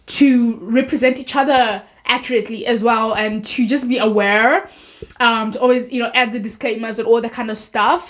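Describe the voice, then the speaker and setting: Chatty woman vlogger. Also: on the high side. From South Africa. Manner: chatty, earnest, many fillers. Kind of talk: casual opinion vlog.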